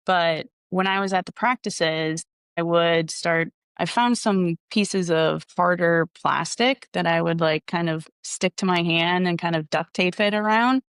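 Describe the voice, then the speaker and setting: A young woman coaching golf gives earnest, reflective answers in an interview. Her voice has a gravelly edge, and the sound is dry and close. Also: on the low side, measured pace, fairly bright tone, dry recording.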